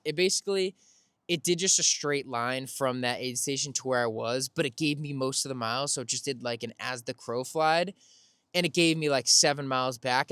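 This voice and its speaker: A man's voice: mid-range voice, sharp tone, smooth, no echo, studio quality. A man hosting a podcast, telling a casual, rambling story, correcting himself and laughing as he goes. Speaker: podcast host.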